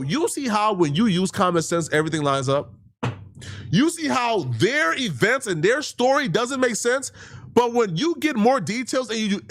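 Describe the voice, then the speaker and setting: A man's voice: a little high, no echo. A man hosting an online commentary show, talking animatedly and firing off rhetorical questions.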